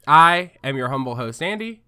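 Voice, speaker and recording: A man's voice: on the high side, expressive, moderate pace, bright, forceful tone, clean tone. A man hosting a podcast in casual chat, joking and riffing playfully. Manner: jokey, playful, riffs on others. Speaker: podcast host.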